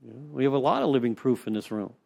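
A man's voice: mid-range voice, animated, very fast, vocal fry, a little mellow. Chatty man telling recovery stories. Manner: rambling, conversational storytelling with frequent "you know". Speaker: recovery speaker leading a step study. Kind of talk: informal recovery talk to a group. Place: meeting room with an audience.

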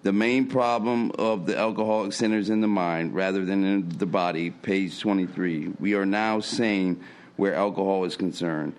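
Low-voiced man earnestly reading aloud. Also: fairly even intonation, normal speed. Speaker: meeting reader.

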